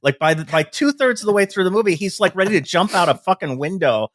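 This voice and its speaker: A man's voice: high-pitched, lively intonation, fast, fairly bright tone, dry recording, studio quality. A man guesting on a comedy podcast, talking in an exasperated way, laughing and jumping in. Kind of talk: casual comedic chat.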